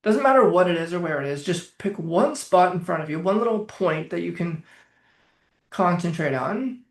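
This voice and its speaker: Energetic male coach in a roomy space. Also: sits high, moderate pace. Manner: casual, energetic, swears freely. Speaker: trauma coach. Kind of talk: coaching talk with guided exercises.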